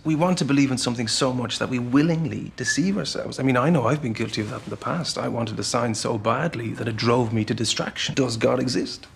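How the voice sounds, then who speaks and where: An actor with an Irish accent playing a smug, vain young male priest in a TV comedy, calm and gently probing. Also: medium pitch, fast, creaky, few pauses, slight background noise, close to an everyday voice. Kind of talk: TV comedy acting.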